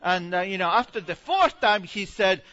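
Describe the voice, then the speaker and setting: A man's voice: sits high, animated, normal speed, bright, forceful tone, lo-fi sound. A man giving a chatty church presentation as a missionary speaker, full of fillers and acted-out quotes.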